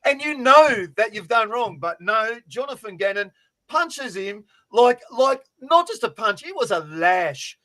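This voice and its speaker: Kiwi guy on a sports pod, high voice, swears a lot, animated yarns. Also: unhurried. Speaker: podcast co-host. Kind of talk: casual fantasy sports podcast banter.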